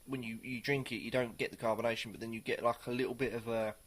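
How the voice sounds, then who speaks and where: Man, casual beer reviewer, rambling and unhurried, mid-range voice. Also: medium pitch, steady tone. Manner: rambling, hesitant, many pauses.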